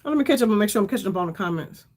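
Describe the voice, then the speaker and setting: A woman's voice: medium pitch, expressive, racing, a little mellow. A middle-aged woman hosting a casual makeup livestream, chatty and rambling, calling her viewers "y'all" and sounding tired. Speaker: beauty livestream host.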